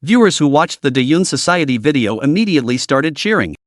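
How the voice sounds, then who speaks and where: A man's voice: on the high side, big pitch swings, brisk, no echo, studio quality. A man narrating a comic story recap in a scripted storytelling style, voicing every character himself.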